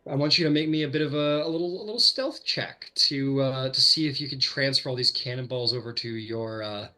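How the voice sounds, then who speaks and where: A man's voice: medium pitch, a little fast, bright, forceful tone. A man narrating as game master of a tabletop game, loose and full of fillers.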